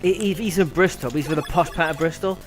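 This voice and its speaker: A man's voice: fairly high pitch, fast, rough recording. A man chatting casually on a live gaming stream. He rambles, stutters on words and laughs often. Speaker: co-host. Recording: faint music in the background.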